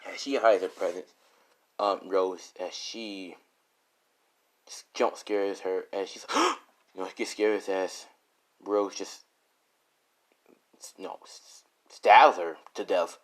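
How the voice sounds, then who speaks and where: A man improvising a dark fan story, rambling with frequent self-corrections and "you know"s. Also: low-pitched, very animated, slow pace, pauses often. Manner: rambling, many restarts and fillers.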